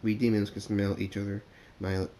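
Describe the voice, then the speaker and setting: A man voicing a polite, sly male demon pony servant who speaks calmly and stumbles over words. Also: on the low side, normal speed, slight background noise, close to an everyday voice. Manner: courteous, calm, stammering.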